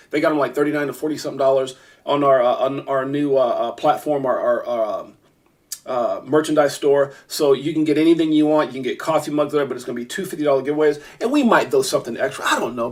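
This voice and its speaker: A man from Brooklyn hosting a casual crypto livestream. He gives effusive, grateful shout-outs and rambles with many fillers and restarts. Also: fairly high pitch. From Brooklyn, New York. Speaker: crypto channel host.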